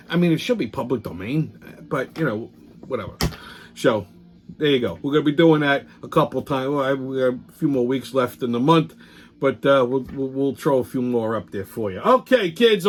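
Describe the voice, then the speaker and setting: A man hosting a weekly political commentary show, ranting in a profane, heated, sarcastic way, rambling and restarting his sentences. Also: mid-range voice.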